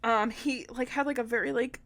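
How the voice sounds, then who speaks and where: A woman's voice: on the high side, steady tone, brisk, fairly bright tone. A young woman co-hosting a podcast, telling a story in casual chat, rambling with lots of fillers, swearing and laughing along the way. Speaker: podcast co-host.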